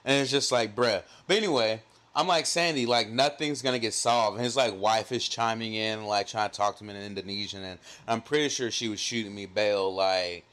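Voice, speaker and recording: A young adult man co-hosting a podcast, telling a story in casual chat, animated and profane, with lots of "like". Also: lowish voice, brisk. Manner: animated, profane, heavy use of "like". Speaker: podcast co-host.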